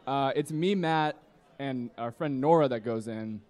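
Slightly slow and darkish in tone, a medium-pitched man in his twenties recounts a drunken night at a live comedy podcast. He wanders through the story and acts out his friends' voices while the audience laughs.

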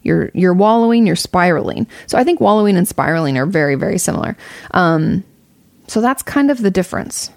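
Candid swearing woman with a gravelly voice. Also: lowish voice, expressive, brisk, dry recording, clean studio sound. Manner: candid, swears freely, rambling with restarts. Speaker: streamer answering a viewer question. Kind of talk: casual advice talk.

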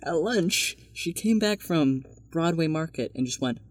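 A man's voice: a little high, lively intonation, measured pace, dry recording. A sheepish teenage boy telling a short embarrassing story from his school day. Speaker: student guest. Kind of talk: casual storytelling.

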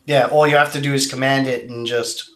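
Guy cohosting a podcast, middle pitch, keeps restarting and saying um. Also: flat delivery, fairly bright tone. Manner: halting, lots of restarts and ums. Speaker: podcast co-host. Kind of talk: casual sports podcast chat.

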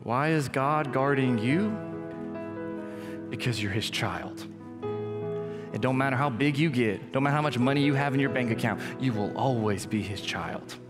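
A young adult male pastor giving a casual, joking sermon in a church hall. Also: normal speed. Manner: casual, joking preacher, lively swings in pitch. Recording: echoey church hall with music.

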